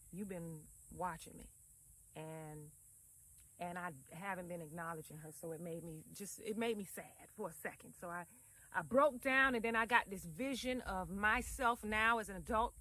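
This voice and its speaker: A woman's voice: medium pitch, bright, forceful tone, slight background noise, poor audio. A woman, likely in her thirties, vlogging from home in a loose, rambling, heartfelt way, calling her viewers fam. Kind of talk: casual reflective talk to camera.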